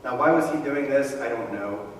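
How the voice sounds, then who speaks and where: A male pastor preaching a sermon, telling the story in a conversational, animated way with casual asides. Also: mid-range voice, moderate pace. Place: church sanctuary. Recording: echoey hall, mic far from speaker, faint room noise.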